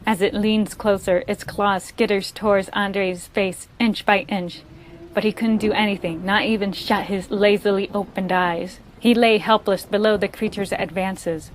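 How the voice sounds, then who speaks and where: A young woman reads a scary story aloud, steady and measured, at a middle pitch. A faint hiss sits behind her voice. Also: rough recording.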